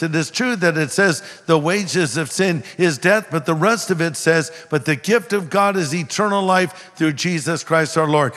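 A man's voice: a little high, moderate pace, few pauses, faint music behind. Earnest male preacher in a reverberant hall. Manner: earnest preaching, acts out a street preacher's yelling. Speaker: pastor. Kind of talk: sermon.

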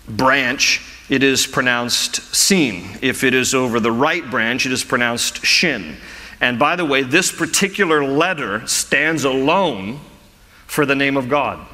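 Bright-voiced preaching pastor in a hall. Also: male voice, mid-range voice. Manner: teaching verse by verse, with restarts. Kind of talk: sermon.

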